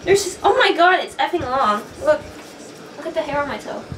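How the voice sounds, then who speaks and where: A high-voiced young woman telling childhood stories in a relaxed chat, giggling all through. Her voice jumps up and down a lot. It was recorded from a distance in an echoey room with clear background noise. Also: fairly quick. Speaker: co-host of a couple's vlog. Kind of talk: casual storytelling chat.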